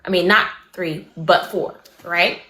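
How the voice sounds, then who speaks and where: A woman hosting a livestream, giving her viewers a rapid, animated gossip recap and greeting them between sentences. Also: on the low side, roomy sound. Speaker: livestream host.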